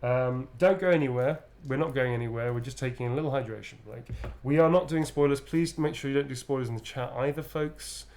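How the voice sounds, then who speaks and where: A man hosting a live game stream in relaxed, casual chat, joking and swearing freely. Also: mid-range voice, fairly quick, hardly any pauses.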